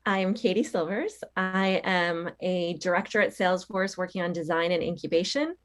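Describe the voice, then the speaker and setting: A woman's voice: lowish voice, normal speed. A woman with a Long Island accent, a guest chatting casually and laughing often, joining over a video call. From Long Island, New York. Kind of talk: casual interview chat.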